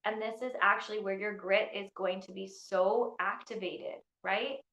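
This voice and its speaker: A woman's voice: medium pitch, normal speed, roomy sound, highs cut off. Bubbly woman coaching on a phone. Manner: bubbly and excitable, full of "like". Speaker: coach leading an online training. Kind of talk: live online workshop talk. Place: indoors in Scotland during a storm.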